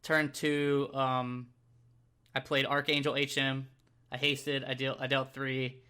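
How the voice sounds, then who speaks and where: Laid-back American guy co-hosting a podcast, crisp bright voice, self-deprecating and chuckly. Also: mid-range voice, level tone, slow pace. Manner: easygoing, self-deprecating, laughs often. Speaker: podcast co-host. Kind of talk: casual podcast chat.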